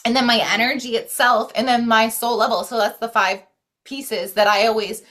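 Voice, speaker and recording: A woman's voice: fairly high pitch, level tone, normal speed, a bit bright. A woman talking as a podcast guest in casual, earnest conversation, rambling with many "like"s and restarts. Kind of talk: casual conversation about self-care and spirituality.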